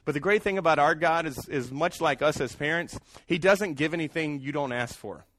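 A man delivers a sermon, often asking the congregation to answer back. His voice sits somewhat high. The sound is dry and close. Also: a little fast, fairly bright tone, no echo. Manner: calls out to the congregation for responses. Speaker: pastor.

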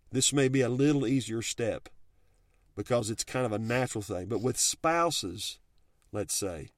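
A middle-aged man with a mid-range voice gives earnest, folksy advice on marriage and faith in a studio-quality recording with no echo. His talk is heartfelt and plainly spoken, with frequent restarts.

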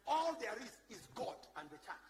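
A Kenyan man preaching a sermon in a very high voice that leaps up and down. He swings from loud shouting to quiet asides, passionate and forceful before his congregation. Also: sing-song, moderate pace. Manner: passionate, shifts from loud shouting to low asides, mixes in Swahili. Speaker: bishop and preacher.

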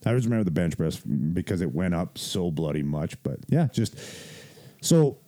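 Low, mellow-voiced man swearing through a story. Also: moderate pace. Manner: profane, laughing, animated retelling with quoted voices. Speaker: podcast host telling a story. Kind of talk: casual storytelling.

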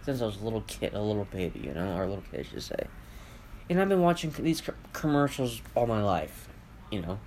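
A man's voice: fairly low pitch, very animated, fast talker, darkish tone. A man hosting a solo podcast from home, rambling and swearing through a casual rant full of fillers and restarts. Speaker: podcast host. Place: at home with family around. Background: faint household noise, dogs and TV.

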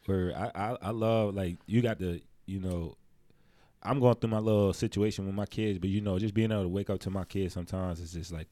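A young man co-hosting a casual podcast, talking loosely about fatherhood and sometimes jumping into high, animated imitations. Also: brisk, no echo. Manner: animated storytelling, slips into high mimicking voices. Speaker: podcast co-host.

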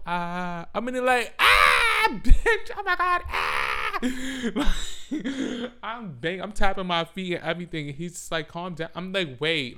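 A young man, telling a profane, dramatic story in a casual vlog. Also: on the high side. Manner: animated, profane, dramatic retelling. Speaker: vlogger.

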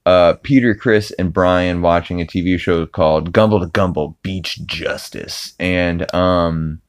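A young man with a very deep voice and a smooth, resonant tone, recapping an episode on his podcast. He rambles casually and restarts his sentences often. The sound is close and dry. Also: unhurried, dry recording. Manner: rambling, full of fillers and restarts. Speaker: podcast host.

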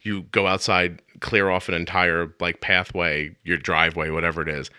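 A man's voice: sits low, flat delivery, normal speed, sharp tone, clear, resonant tone, no echo, clean studio sound. A middle-aged man hosting a podcast, telling rambling jokey stories in casual chat. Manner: joking, rambling storyteller. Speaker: podcast host.

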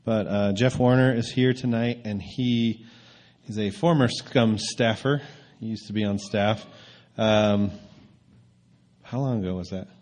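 Man, service leader, fairly low voice, halting intro full of fillers. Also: fairly even intonation, darkish tone. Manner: hesitant, many fillers. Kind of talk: casual introduction.

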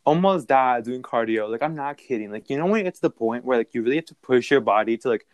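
A young man telling a story in a casual, animated and profane way, with a background. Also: mid-range voice, quick pace, no echo, studio quality.

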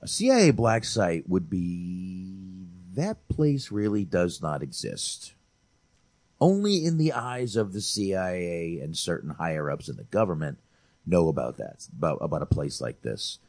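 Deep-voiced animated man, dry sound. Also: a little slow, dry recording. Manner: animated, swears freely, says dude. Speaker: podcast co-host reviewing movies. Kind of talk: casual profane movie-review chat.

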